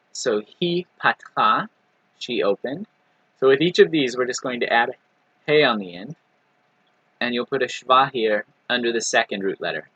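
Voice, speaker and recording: A man with a bright, forward, slightly husky voice teaches a language lesson in a patient, repetitive way. He checks in often with "right?" and "okay." The recording is dry and a little dull. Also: medium pitch, no echo. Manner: patient, repeats example words slowly with many "right?" and "okay". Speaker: Hebrew teacher.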